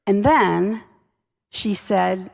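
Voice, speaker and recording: A woman's voice: medium pitch, very slow, gravelly. A woman leadership speaker telling a workplace story in a wry, conversational way. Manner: conversational, wry anecdotal delivery. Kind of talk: storytelling talk. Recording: long reverb of a large hall.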